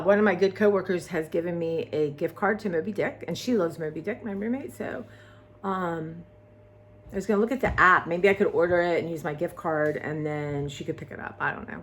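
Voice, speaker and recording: A woman, vlogging in a rambling casual chat that trails off and restarts often. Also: on the low side.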